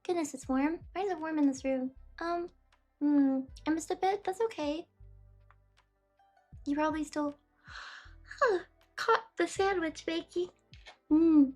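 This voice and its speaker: High-voiced woman chatting with viewers. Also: unhurried, long pauses, soft background music. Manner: chatty, reads chat aloud, easily distracted. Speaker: livestreamer. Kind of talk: casual chat with viewers. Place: warm room indoors with big windows.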